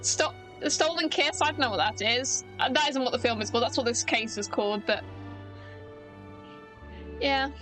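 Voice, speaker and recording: A woman's voice: high voice, moderate pace, pauses often, fairly bright tone, soft background music, poor audio. A woman game streamer at home, chatty with self-deprecating asides, currently ill. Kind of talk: casual let's-play commentary.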